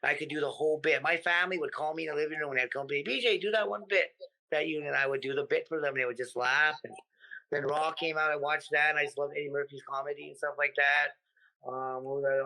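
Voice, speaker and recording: A man from the United States, a comedian guest in a casual interview, talking in an animated, profane way and acting out his stories. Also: a little high, fairly quick, creaky, low-quality recording.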